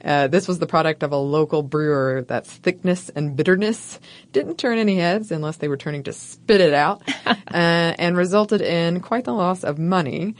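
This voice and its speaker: Woman, podcast co-host, lowish voice, wry playful storytelling, scripted narration with banter. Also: normal speed.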